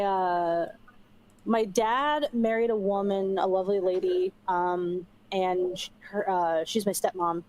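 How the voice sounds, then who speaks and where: A woman's voice: mid-range voice, a little mellow, rough recording. Chatty young woman streamer. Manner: rambling, chatty, swears casually, frequent fillers. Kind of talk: casual chat while gaming.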